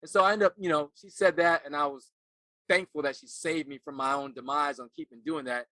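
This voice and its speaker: Earnest man with a bright, forceful voice. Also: on the high side, fairly even intonation, no room sound. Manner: earnest, halting, repeats words while recalling. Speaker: actor and life coach guest. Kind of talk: reflective personal storytelling.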